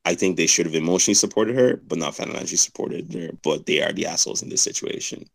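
A man's voice: deep voice, animated, quick pace, gravelly, slightly rough. A man co-hosting a podcast in casual chat, laid-back and slangy, often laughing. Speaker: podcast co-host.

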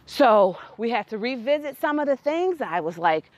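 A woman telling a personal story that turns into a faith lesson, animated and quick to laugh. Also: a little high, no echo, dull audio.

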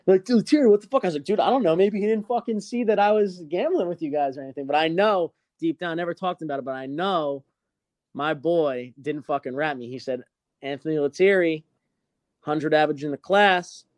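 A man's voice: fairly high pitch, fairly quick, no room sound. A young man hosting a podcast, telling a story in casual chat, swearing a lot. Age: young adult. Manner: profane, animated storytelling. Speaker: podcast host.

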